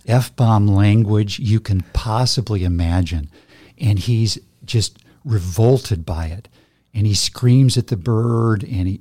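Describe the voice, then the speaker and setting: A middle-aged man with a fairly low voice tells a joke in casual conversation. He talks with lots of fillers and breaks into laughter often. The sound is dry and close. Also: dark tone, dry recording. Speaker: podcast co-host telling a joke.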